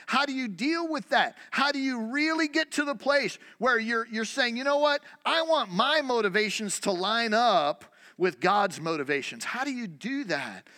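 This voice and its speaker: A man's voice: high-pitched, sharp tone. A man preaching a sermon in a conversational way, full of rhetorical questions and restarts, in a church. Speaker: pastor. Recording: long hall reverb.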